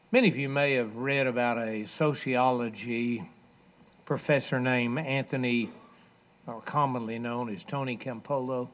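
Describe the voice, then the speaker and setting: Male pastor giving a sermon, unhurried, emphatic rises and quiet falls. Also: medium pitch. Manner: emphatic, with sudden loud raised passages and soft drops. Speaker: preacher.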